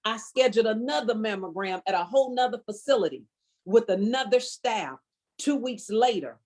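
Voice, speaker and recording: A woman's voice: on the high side, lively intonation, moderate pace, darkish tone. A middle-aged woman sharing a fervent personal testimony as a guest, preacher-like and emphatic, repeating phrases for weight. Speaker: guest speaker.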